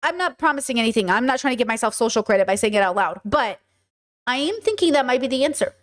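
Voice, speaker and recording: A woman from the United States chatting in an animated, rambling way on a podcast, now and then swearing. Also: on the high side, quick pace. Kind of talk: casual discussion.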